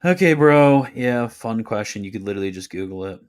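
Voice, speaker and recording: During a casual livestream Q&A, a young host with a deep, low voice reads questions from chat. He answers in an offhand, deadpan way, firing back quick, jokey replies.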